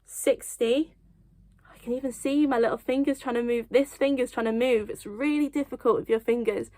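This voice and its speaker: A young woman teaching children sign language, counting slowly and encouraging them with light self-deprecating laughs. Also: a little high, fairly even intonation, dark tone, no room sound. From United Kingdom. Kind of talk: children's lesson, slow counting.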